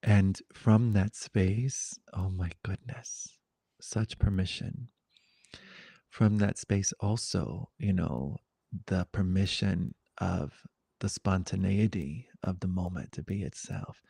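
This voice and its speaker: A man leading a satsang, speaking in a reflective, gentle way with wandering pauses. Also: deep voice, gravelly, breathy edge, no room sound, clean studio sound. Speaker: satsang teacher. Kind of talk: spiritual dialogue.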